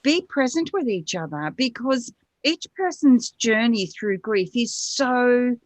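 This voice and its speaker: A woman hosting a live stream, welcoming viewers in a soft, unhurried way with frequent hesitations. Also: a little high, expressive, no echo. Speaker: host. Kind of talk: casual chat.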